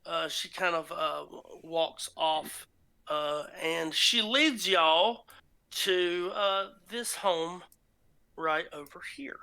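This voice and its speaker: Man as game master, slow unhurried narration, bright tone, lots of ums. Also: fairly high pitch, clean tone. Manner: slow, halting, many ums and uhs.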